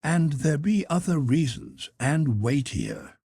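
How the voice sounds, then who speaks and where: A man's voice: huge pitch swings, slow, darkish tone, husky, no room sound, clean studio sound, heavily acted. A man voicing a frightened boy page, pleading. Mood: anxious. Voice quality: high, pleading voice. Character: frightened young male page boy, timid.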